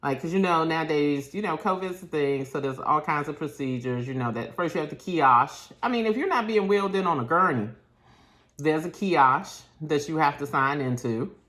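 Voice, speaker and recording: A woman's voice: low-pitched, moderate pace. A woman, telling a story in a casual vlog rant and acting out what people said. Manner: animated, acts out quotes in shifting voices. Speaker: vlogger.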